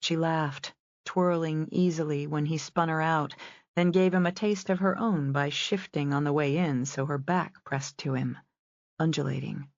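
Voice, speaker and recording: A woman narrating a romance audiobook in a measured storytelling style. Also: low-pitched, steady tone, no room sound, dull audio. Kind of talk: scripted narration.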